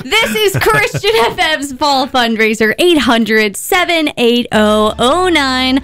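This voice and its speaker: A woman's voice: high-pitched, animated, slow pace, fairly bright tone. A woman hosting a radio fundraiser in a studio, upbeat and urging listeners to give. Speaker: radio host.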